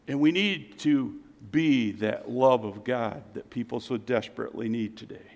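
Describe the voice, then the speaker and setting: A man's voice: normal speed, few pauses. Preaching man in a reverberant hall. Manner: swings between loud emphatic calls and quiet low asides to the congregation. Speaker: pastor. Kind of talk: sermon.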